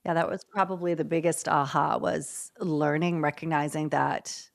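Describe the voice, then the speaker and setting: Host; woman with a low, gravelly voice, affirming and curious. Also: fairly even intonation, normal speed. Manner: affirming, asks thoughtful questions. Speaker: podcast host. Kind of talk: casual podcast conversation.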